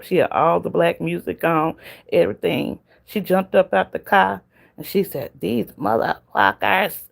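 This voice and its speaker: A woman's voice: on the low side, gravelly, a little mellow. A woman with a Southern US accent hosting a casual livestream, talking straight to viewers in the chat and laughing often. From Southern United States. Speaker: livestream host.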